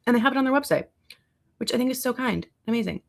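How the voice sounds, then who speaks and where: A woman's voice: on the high side, expressive, fast, creaky. A young woman chatting on her livestream in a rambling, casual way, reading and answering her chat as she goes. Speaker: livestreaming content creator.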